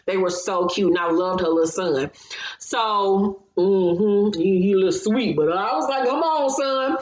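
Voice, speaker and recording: A woman's voice: mid-range voice, measured pace, a little mellow, lo-fi sound. Chatty woman recapping reality TV, echoey room. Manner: chatty and opinionated, retells scenes with asides. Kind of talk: casual episode recap commentary.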